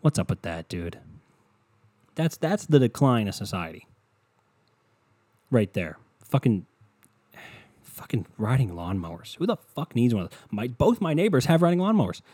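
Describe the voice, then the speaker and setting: A man's voice: medium pitch, very animated, normal speed, long pauses, dark tone, husky, no room sound. A man hosting a solo podcast, ranting in a scatterbrained, profane way from a hot indoor room. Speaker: podcast host.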